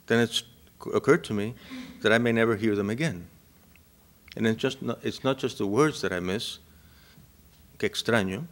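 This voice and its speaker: Lecturer, male, native Spanish speaker from Cuba; low, gravelly voice; reflective, talks to the room. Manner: reflective, checks in with listeners often. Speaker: university lecturer. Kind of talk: academic lecture.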